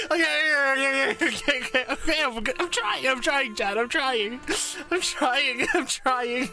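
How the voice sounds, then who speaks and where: A woman's voice: high-pitched, unhurried, hardly any pauses, over music. A young adult woman streaming as a VTuber, reacting casually and giggling often, with plenty of swearing.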